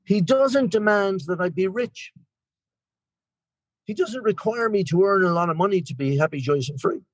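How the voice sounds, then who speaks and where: An Irish man in his sixties tells his recovery story in a rambling, self-deprecating way. His voice sits a little high for a man. The sound is dry and close, with no room around it. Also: moderate pace, dry recording. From Ireland. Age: 60s. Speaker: guest speaker. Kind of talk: recovery meeting share.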